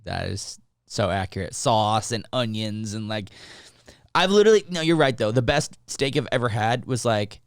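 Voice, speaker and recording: A man co-hosting a podcast, telling stories in casual chat with lots of swearing and animated retelling. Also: on the low side, moderate pace, clean tone, no echo, studio quality. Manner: profane, animated storytelling. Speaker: podcast co-host.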